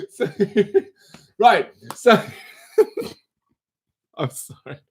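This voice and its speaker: A young man hosting a casual quiz livestream on his phone, chatty and teasing as he reads out questions and multiple-choice options. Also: fairly high pitch. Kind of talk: casual live-stream chat.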